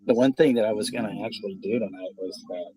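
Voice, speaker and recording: A Texan man in his fifties hosts a casual stream in a fairly low voice. He rambles loosely from one story to the next, swearing freely as he goes. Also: fast, warm tone, faint music behind, low-quality recording. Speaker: watch party host. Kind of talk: casual livestream chat.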